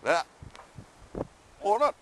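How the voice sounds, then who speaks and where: A man filming outdoors, teasing and drawling in a relaxed way with frequent chuckles between remarks. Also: very slow. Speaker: person filming a street encounter. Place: outdoors by a road, rural. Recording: noisy outdoor camera audio.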